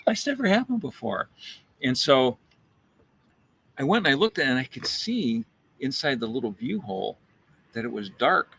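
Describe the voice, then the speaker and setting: A man's voice: medium pitch, vocal fry, a little hiss or hum. A man who roasts coffee, telling a casual story, acting out quotes and repeating words as he thinks. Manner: animated anecdote with acted-out quotes. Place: coffee shop.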